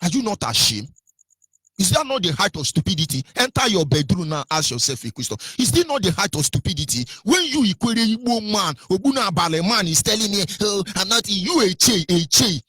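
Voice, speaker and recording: Nigerian guy ranting on radio, kinda high husky voice, dry sound. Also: big pitch swings, quick pace, a bit bright, no echo. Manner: scolding, repeats rhetorical questions, stumbles with fillers. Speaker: radio commentator. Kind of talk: impassioned radio commentary.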